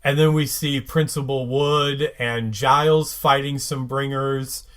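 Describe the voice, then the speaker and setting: A man co-hosting a podcast, recapping an episode in casual chat, halting with many fillers and restarts. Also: medium pitch, fairly even intonation, a bit bright, smooth.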